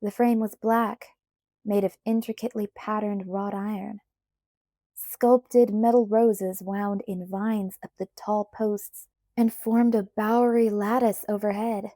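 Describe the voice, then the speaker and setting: A woman reading a novel aloud in the first person, with measured, even storytelling on a close mic. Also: medium pitch, dry recording. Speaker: audiobook reader.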